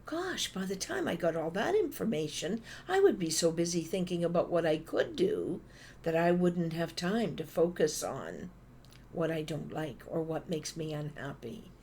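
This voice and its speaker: A woman's voice: on the low side, normal speed, slight background noise. A middle-aged woman from Canada giving a motivational talk, telling stories with playful asides. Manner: animated storytelling with playful asides. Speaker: speaker.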